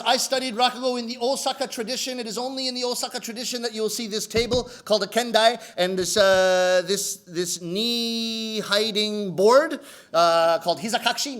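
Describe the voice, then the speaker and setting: A middle-aged man, a rakugo comedian, telling funny stories to camera in an animated way, acting out the voices he quotes. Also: very high-pitched. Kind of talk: comic storytelling to camera.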